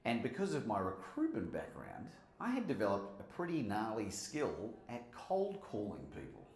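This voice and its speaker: Australian man, live keynote speaker, low voice, very animated intonation, roomy hall echo. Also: moderate pace. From Melbourne, Australia. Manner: animated storyteller, asks the audience questions. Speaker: motivational speaker and podcast host. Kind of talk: live keynote speech to an audience. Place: conference hall with a live audience.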